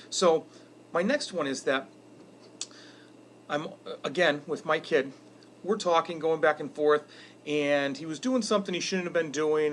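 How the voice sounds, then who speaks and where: A middle-aged man with a slightly raised pitch talks earnestly to the camera in a reflective weekly message. His delivery is conversational and unhurried. A faint hiss of background noise sits under his voice. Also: fairly bright tone. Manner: earnest, conversational, retells stories with quoted dialogue. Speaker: educator giving weekly video messages.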